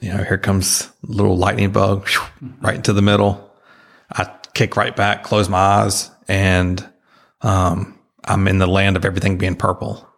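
A man earnestly retelling a personal experience as an interview guest, halting and full of restarts. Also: sits low, completely flat delivery, creaky.

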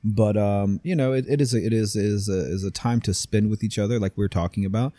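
Male co-host, blunt and profane, rambling, warm low timbre, dry mic. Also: fairly even intonation, fast, no echo. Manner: blunt, swears freely, rambling restarts. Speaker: podcast co-host. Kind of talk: casual chat. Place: warehouse studio.

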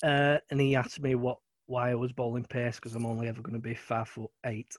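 A man's voice: mid-range voice, little pitch movement, fairly quick, a little hiss or hum. A man talking casually as a guest about his early cricket years, hesitant with many ums. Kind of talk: casual chat.

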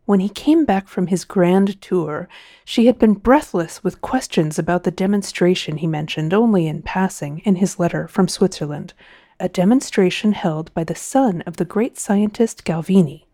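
A woman narrating a novel in an expressive, measured storytelling voice, close to the mic. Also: on the low side, no echo. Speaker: audiobook narrator. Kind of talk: scripted narration.

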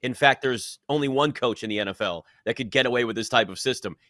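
A man's voice: mid-range voice, fast talker, sharp tone, no room sound, clean studio sound. A man hosting a sports talk debate, emphatic and opinionated.

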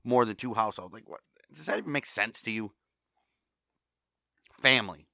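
A man's voice: medium pitch, very animated, normal speed, gravelly, bright, forceful tone, dry recording, clean studio sound. A man with an American accent hosting a solo podcast, ranting angrily and swearing often. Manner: angry, profane ranting. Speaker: podcast host.

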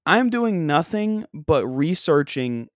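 A man's voice: a little high, very animated, takes it slowly, dry recording, studio quality. A man from Long Island, rambling casually through a funny story with lots of fillers and self-deprecating asides. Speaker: comedian podcast host.

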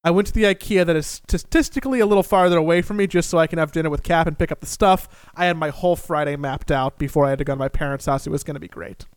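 A young man telling a funny personal story in a casual, animated and profane way, mocking himself. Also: fairly high pitch, fast talker, hardly any pauses, clear, resonant tone, dry recording.

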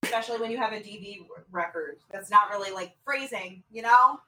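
A woman co-hosting a casual podcast, telling a story with lively acted-out quotes and plenty of swearing. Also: medium pitch, brisk, recorded from a distance, slight background noise, poor audio. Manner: animated storytelling, acts out quotes, swears freely. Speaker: podcast co-host. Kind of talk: casual recap chat.

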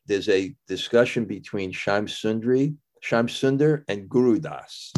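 A man hosting a conversation, speaking haltingly with many fillers and restarts as he retells a story. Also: on the low side, a little mellow. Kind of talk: conversational interview.

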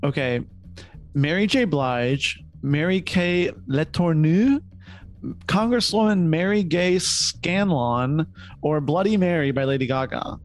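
A man's voice: fairly high pitch, slow pace, faint music behind. A man co-hosting a comedy podcast, playful and laughing often in casual chat. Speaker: podcast co-host.

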